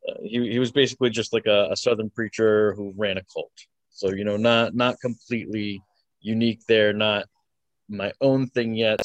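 A man's voice: on the low side, dry recording. A man in his twenties, a wrestler answering interview questions casually, hesitant and full of fillers, chuckling often. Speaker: wrestler guest.

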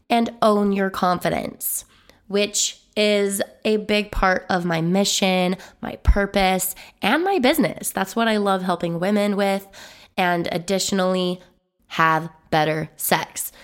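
A woman hosting her own podcast solo, her voice a bit hoarse and not fully recovered, chatty and upbeat as she runs through lists. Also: medium pitch, unhurried. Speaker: podcast host and business coach.

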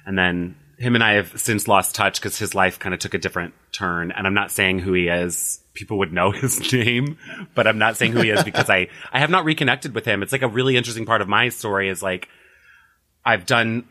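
A man's voice: fairly low pitch, fairly quick, sharp tone. A man telling his life story in a casual interview, chatty and full of "like" fillers. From United States. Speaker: astrologer, podcast guest.

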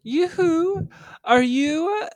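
A man's voice: expressive, takes it slowly, no echo, exaggerated voice. A man voicing a haughty young woman who calls herself a beauty queen, in an improvised comedy scene. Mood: indignant. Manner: shrill, indignant, sing-song.

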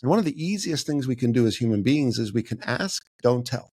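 Middle-aged male podcast guest, animated teacher manner, mid pitch, dry close recording. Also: brisk, breathy edge, no room sound. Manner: animated, acts out quoted voices with big pitch jumps. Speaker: podcast guest, communication educator. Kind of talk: casual interview talk.

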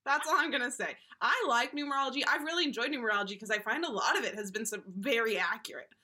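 A woman co-hosting a podcast in casual chat, animated and acting out the voices she quotes. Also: fairly high pitch, fast. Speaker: podcast co-host.

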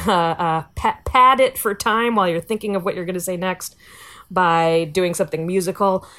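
A woman's voice: lowish voice, steady tone, moderate pace, fairly bright tone. A woman comedian guest, wry and rambling, laughing as she chats casually. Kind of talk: casual chat.

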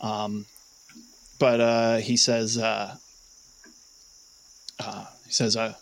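A young man running a tabletop game as game master, narrating with many pauses and fillers. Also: lowish voice, level tone, gravelly. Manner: hesitant, many fillers, laughs often.

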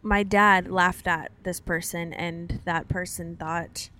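A woman's voice: fairly low pitch, fairly even intonation, takes it slowly, pushed and bright. A woman co-hosting a casual podcast. She tells stories playfully and teases as she goes. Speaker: podcast co-host. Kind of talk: casual chat.

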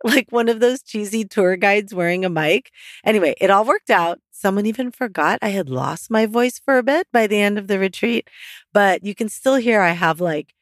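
Husky-voiced woman hosting a podcast. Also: medium pitch, no room sound, studio quality. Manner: casual and chatty, with laughs and "like" fillers. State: hoarse from losing her voice. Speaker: podcast host. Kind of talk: solo podcast talk on psychology and mindfulness.

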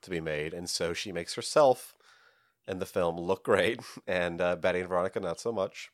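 A man co-hosting a casual podcast chat, animated and giggly, filling gaps with ums. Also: deep voice, moderate pace, no room sound, studio quality. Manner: animated, giggly, trails off with filler words. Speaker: podcast co-host. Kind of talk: casual chat about comics.

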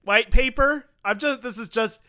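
A man's voice: extremely high pitch, normal speed, sharp tone, clear, resonant tone. A man hosting a casual comedy podcast, rambling through absurd bits and laughing often. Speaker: podcast host.

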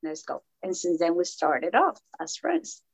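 A woman with a lowish, husky voice, full of vocal fry, speaks at a measured pace in a dry, poor-quality recording. She is a podcast guest with a Latina American English accent, animatedly telling the host how she met her husband and acting out each line of dialogue.

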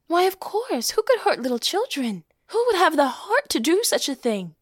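A woman's voice: extremely high pitch, sing-song, normal speed, dry recording, clean studio sound. A woman voicing a tender young woman who cares for a small boy, emotional and at times whispering, in an audio play reading.

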